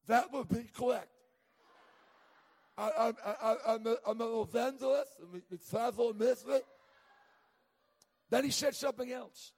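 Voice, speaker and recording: A middle-aged male evangelist preaches in a church, his voice pitched very high with a husky, breathy edge. He tells humorous stories and trips over quick restarts. A long reverb trails each phrase through the sanctuary. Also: fairly even intonation, darkish tone. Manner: storytelling with humor, many stammered restarts. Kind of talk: sermon.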